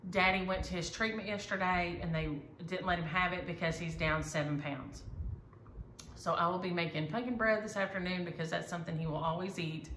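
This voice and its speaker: Showing off her needlework, this middle-aged vlogger talks in a casual, enthusiastic way, her fairly low voice steady, brisk and fairly bright. It's recorded in an echoey room with faint background noise.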